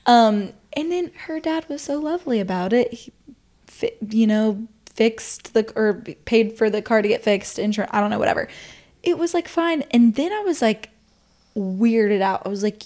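Animated, higher-pitched woman telling stories. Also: normal speed. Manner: animated, swears freely, acts out quotes. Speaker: podcast co-host. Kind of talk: casual storytelling chat.

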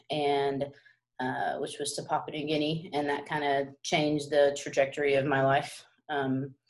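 A woman's voice: deep voice, creaky. A woman in her thirties from Texas, speaking plainly and a little hesitantly as a podcast guest. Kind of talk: casual interview chat.

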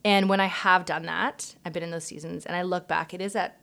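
Woman host of a faith podcast, slightly low voice, affirming and conversational. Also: fairly even intonation, brisk, gravelly. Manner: warm, affirming, frequent "um" and "mm-hmm". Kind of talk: faith-based casual chat.

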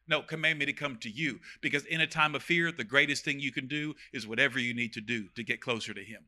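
A man preaching a sermon, reading scripture aloud and breaking in with animated, joking comments. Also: mid-range voice, fast, few pauses. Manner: animated, reads verses then comments with jokes.

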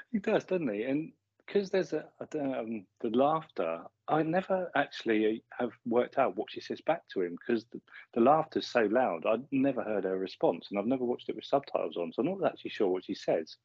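Male podcast co-host, low-pitched, husky, chatty recapper, dry muffled recording. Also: lively intonation, moderate pace, darkish tone, no room sound. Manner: chatty, chuckles often. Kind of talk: casual chat recapping a sitcom episode. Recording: slightly muffled lo-fi audio.

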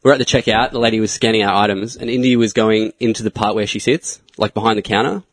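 Guy, 30s, rambly storyteller, talks fast, dry close sound. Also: fairly low pitch, steady tone, no room sound. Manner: rambling, filler-heavy storytelling. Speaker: podcast co-host. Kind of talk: casual storytelling chat.

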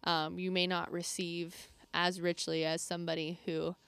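A young woman co-hosting a faith podcast, talking in a chatty, animated way with lots of fillers. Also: on the low side, moderate pace, vocal fry, clear, resonant tone, no room sound. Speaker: podcast co-host. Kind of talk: casual faith chat.

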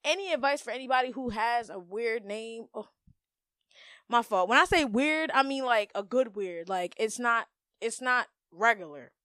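A woman's voice: a little high, lively intonation, moderate pace, fairly bright tone, dry recording, clean studio sound. A young woman hosting a podcast, giving blunt, profane, emphatic advice in slangy casual talk. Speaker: podcast host. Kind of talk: casual monologue.

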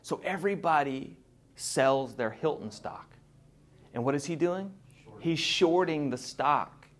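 Guy preaching a sermon, a bit high-pitched, animated, acts out little voices. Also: a little slow. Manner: animated, mimics voices, laughs.

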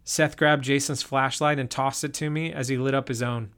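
Calm male storyteller. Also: mid-range voice, moderate pace, clean tone. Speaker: narrator. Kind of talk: first-person story narration.

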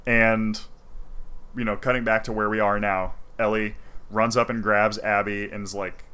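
Guy with a lowish voice but really bright forceful tone, swearing a lot while he recaps a game story. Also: normal speed, clean tone. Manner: profane, animated storytelling. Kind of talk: casual chat retelling a video game plot.

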